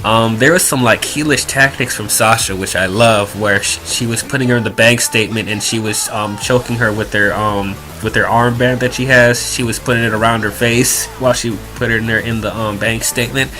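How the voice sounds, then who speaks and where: A man's voice: lowish voice, fairly even intonation, fairly quick, few pauses, pushed and bright, faint music behind. A young man giving a rambling, exasperated review, full of fillers and restarts. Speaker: wrestling reviewer. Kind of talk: casual review rant.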